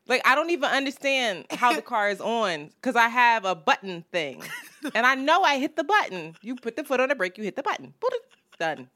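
Animated, foul-mouthed woman podcast host. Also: fairly high pitch, a little fast. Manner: animated, profane storytelling with frequent laughs. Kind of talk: casual chat.

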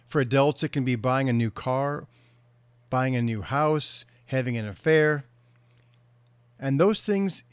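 A middle-aged man, a counselor, giving an earnest motivational talk and slowing down to stress key words. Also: medium pitch, no room sound. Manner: earnest storytelling, slows for emphasis.

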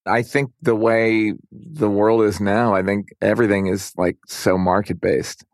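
Low-voiced man, loose rambling chat. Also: fairly even intonation, unhurried, dry recording, clean studio sound. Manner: loose and rambling, heavy use of "like". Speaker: guest. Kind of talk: casual podcast conversation.

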